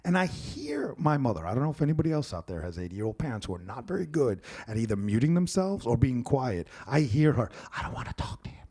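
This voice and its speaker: A man's voice: medium pitch, very animated, fast talker, few pauses, dark tone, breathy edge. A man in his fifties hosting a podcast, rambling through stories and acting out family members. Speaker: podcast host. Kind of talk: casual storytelling chat.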